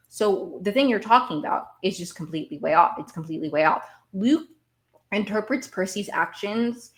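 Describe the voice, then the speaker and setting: A woman hosting a podcast, recapping a TV episode in casual, rambling chat that often repeats itself. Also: on the low side. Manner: animated, rambling, repeats herself. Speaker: podcast host.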